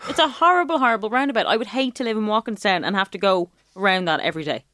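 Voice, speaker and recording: A woman's voice: mid-range voice, rapid-fire, fairly bright tone, dry recording, studio quality. An Irish woman co-hosting a radio show, chatty and dramatic in her reactions. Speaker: radio co-host. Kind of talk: casual radio chat.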